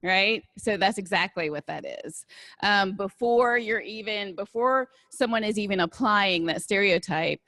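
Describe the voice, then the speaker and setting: A diversity and inclusion speaker with a Southern American accent gives a live talk with audience Q&A, relaxed and unhurried. Her mid-pitched voice sounds dry and close with no echo. As she explains, she keeps checking in with listeners, often asking "right?"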